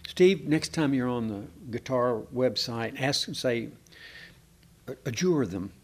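A man's voice: mid-range voice, lively intonation, takes it slowly, slight background noise. Conversational man teaching scripture. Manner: conversational, asks the room questions, hesitant with many fillers. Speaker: preacher. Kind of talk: informal Bible teaching to a small congregation.

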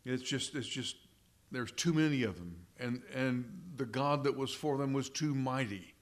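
A man preaching a sermon, slow and deliberate, repeating phrases for emphasis and addressing the congregation as brethren. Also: mid-range voice. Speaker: pastor.

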